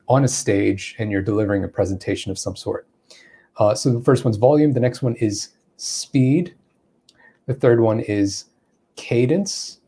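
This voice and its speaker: A man with a fairly low, creaky, husky voice and a warm tone teaches an English lesson over a live stream. He explains things step by step and acts out spoken examples.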